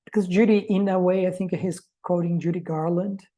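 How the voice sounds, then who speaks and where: A woman's voice: fairly low pitch, steady tone, fairly quick, warm tone, rough recording. A woman giving an academic presentation to a reading group, speaking reflectively and posing rhetorical questions.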